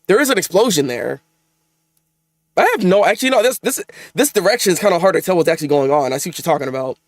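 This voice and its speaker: A man hosting a live manga reaction, excitable and exasperated, with frequent restarts and repeated words. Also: high-pitched, no room sound. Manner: excitable, exasperated, talks fast with many restarts.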